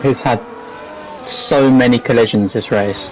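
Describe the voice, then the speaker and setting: Casting: male co-commentator, measured and analytical, mid pitch, faint noise on a stream. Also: darkish tone, poor audio. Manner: measured, analytical, calls out penalties. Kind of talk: live sim racing commentary.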